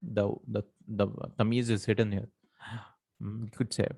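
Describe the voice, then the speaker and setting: A man's voice: fairly low pitch, little pitch movement, normal speed, creaky, darkish tone, dry recording. A man teaching an Arabic grammar lesson in English, explaining step by step, working Arabic terms into his speech and checking in with the listener.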